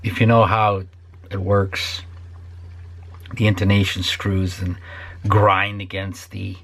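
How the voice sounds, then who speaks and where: Speaking slowly in a low, creaky voice with a level, fairly bright tone, this older man who makes guitars curses his way through a rant at the camera for his viewers. At times his voice sinks into a whisper.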